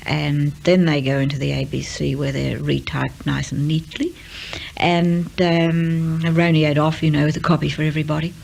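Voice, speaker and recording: An older woman, a radio serial writer, talking in an unhurried way with frequent ums and uhs. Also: sits low, level tone, vocal fry, darkish tone, a little hiss or hum, rough recording. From Australia. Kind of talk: relaxed interview and dictation.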